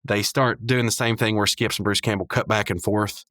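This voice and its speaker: A man's voice: lowish voice, fairly even intonation, moderate pace, fairly bright tone, no room sound, studio quality. A man hosting a podcast, recapping a cartoon episode in a loose, rambling way, full of fillers and little chuckles. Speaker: podcast host.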